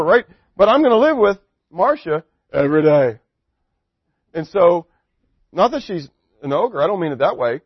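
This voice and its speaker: A man's voice: high-pitched, sing-song, normal speed, long pauses, husky, dry recording, lo-fi sound. A middle-aged man preaching as a pastor, in a joking, conversational way, full of rhetorical questions to his congregation. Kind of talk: sermon.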